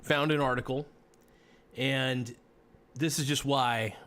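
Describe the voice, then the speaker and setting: A man's voice: mid-range voice, steady tone, takes it slowly, fairly bright tone. A man hosting a casual political commentary livestream, talking in a rambling, chatty way, correcting himself as he goes, with the odd hiccup. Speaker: podcast host.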